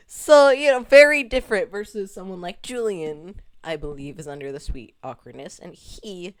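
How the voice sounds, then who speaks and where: A woman's voice: on the low side, normal speed, hardly any pauses. A woman streamer chatting casually to her chat about her game, rambling, laughing often and swearing casually.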